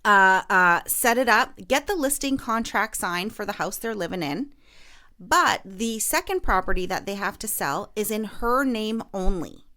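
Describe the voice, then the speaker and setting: This woman is a podcast host and realtor telling a story in casual chat, her mid-range voice pushed and bright with lively intonation. She speaks a little slowly, with lots of fillers and restarts.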